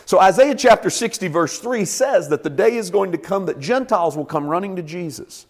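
Pastor guy preaching, kinda high voice, swings all over, chatty and emphatic. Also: a little fast, long reverb tail. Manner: animated, conversational, emphatic. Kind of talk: sermon.

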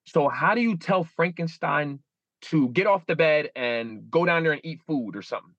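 A man's voice: on the high side, lively intonation, moderate pace, fairly bright tone, no echo, highs cut off. A man in his thirties, a guest in an interview, speaking earnestly with many restarts and repeats. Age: 30s. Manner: earnest, repeats and restarts, acts out inner voices. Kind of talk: emotional interview.

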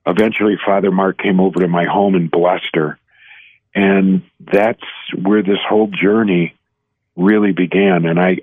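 A man in his sixties, a guest telling a personal story in earnest, halting speech with many restarts, heard over a phone line. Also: low-pitched, no echo. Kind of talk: personal testimony in an interview. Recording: tinny dry phone line.

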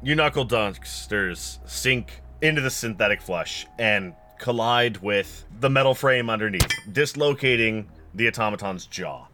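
A man's voice: on the low side, lively intonation, measured pace, hardly any pauses, bright, forceful tone, slight background noise. A man from California narrating as game master in a tabletop game, descriptive and wry.

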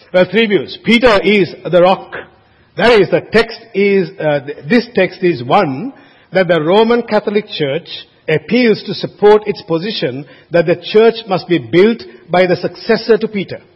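A man with a high, husky voice preaches a sermon to his congregation. He is earnest and emphatic, often restarting phrases and tossing in casual asides. The recording is dull and lo-fi, with a long reverb trailing off the church walls. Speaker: pastor. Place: church sanctuary.

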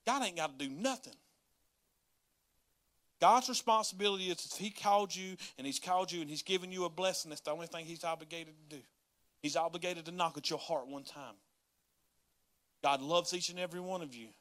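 A man preaching a sermon as a pastor, folksy and conversational, rising to loud pleading. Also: on the high side, fairly quick, pauses often. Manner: folksy Southern-style preaching, rising to yelling in acted prayers.

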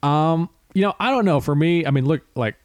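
A man's voice: on the high side, lively intonation, no echo. Joking podcast host man. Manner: joking, keeps score, quick to tease. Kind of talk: casual chat.

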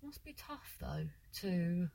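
A woman's voice: fairly low pitch, very animated, slow pace, vocal fry, mellow, dry recording. A middle-aged woman comedian chatting casually, sidetracked often and swearing freely. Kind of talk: rambling casual monologue.

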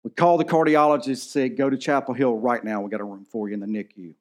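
A man's voice: mid-range voice, fairly even intonation, fast. A man in his thirties preaching a sermon in a church, telling a personal story in an earnest, emotional way. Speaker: pastor.

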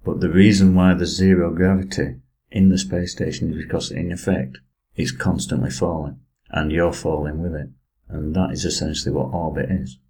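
A man's voice: sits low, little pitch movement, normal speed, few pauses, warm tone. A man in casual chat, explaining space topics with many fillers.

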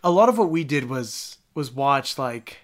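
Guy chatting w friends, lots of laughing and doing little voices for quotes, mid pitch. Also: a little slow. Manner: animated storyteller, acts out quotes, laughs often. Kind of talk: casual chat among friends.

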